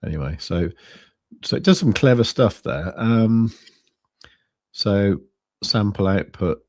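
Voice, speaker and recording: A man with a low, deep voice talks casually on a crypto trading stream. He rambles, often stopping to restart a phrase and padding with fillers. The sound is dry and close. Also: animated, slow pace, no echo. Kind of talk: casual chat.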